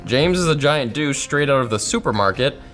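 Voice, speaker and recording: A man's voice: mid-range voice, expressive, brisk, a bit bright, soft background music. Man with sarcastic comebacks. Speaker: staff member reading viewer comments. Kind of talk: casual reading aloud with reactions.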